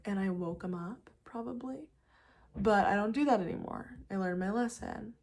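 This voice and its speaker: A young woman vlogger with a mid-range voice and vocal fry does a casual get-ready-with-me chat in her apartment, applying makeup as she talks. Chatty and animated, she speaks quickly and loosely, leaning on "like" and "you guys," with moments where she whispers.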